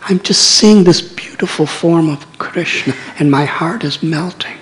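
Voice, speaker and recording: A man in his sixties voicing a humble, illiterate, devout man, soft and earnest. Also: a little high, measured pace, a little hiss or hum, voice pushed up, lightly acted. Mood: tender. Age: 60s.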